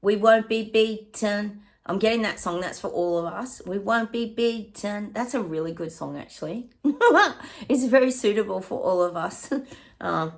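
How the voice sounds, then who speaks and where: A middle-aged woman with an Australian accent, a psychic giving a chatty reading to her viewers, often pausing to say hang on and laughing. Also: on the low side, creaky. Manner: laughs often and hums snatches of songs.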